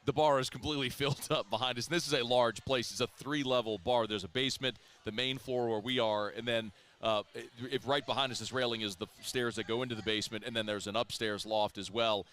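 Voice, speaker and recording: A man's voice: mid-range voice, steady tone, fast, few pauses, a bit bright. Chatty sports radio host, a man. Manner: chatty, asks long questions. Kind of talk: casual sports talk.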